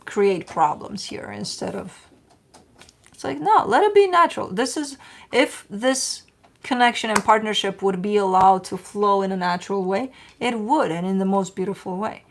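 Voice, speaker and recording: Chatty woman doing a casual tarot reading. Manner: chatty and rambling, coos to her pets in a high excited voice. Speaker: tarot reader.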